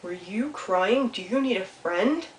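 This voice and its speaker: A woman voicing a small, lonely young male beaver in a storybook reading, with a high, eager manner. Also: expressive, unhurried, natural voice. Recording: echoey room, mic far off.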